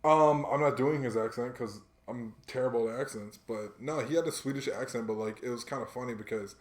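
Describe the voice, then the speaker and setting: A man's voice: mid-range voice, a little fast. Man telling slangy stories, echoey room. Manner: animated storyteller, slangy, acts out quotes. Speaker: podcast co-host. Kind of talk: casual chat, storytelling.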